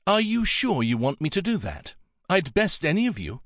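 Brief: boastful, teasing young dragon woman, put on by a male narrator, pitched well up. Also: wildly swooping pitch, a bit bright, no echo, studio quality, exaggerated voice. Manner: teasing, quick-witted. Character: young female dragon king, small, proud, boastful.

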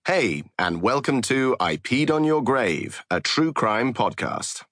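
A man's voice: medium pitch, big pitch swings, slow, a bit bright, no echo, studio quality, pitched above the performer's own voice. A man reading an audiobook, voicing a casual, joking male true crime podcast host.

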